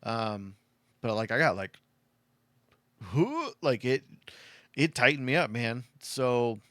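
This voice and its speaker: A man's voice: medium pitch, big pitch swings, slow, fairly bright tone, dry recording. A middle-aged man from Arizona telling a personal story in a casual, rambling way, choked up and full of "like" and "you know". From Arizona, USA. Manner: rambling, heartfelt, lots of "like" and "you know" fillers.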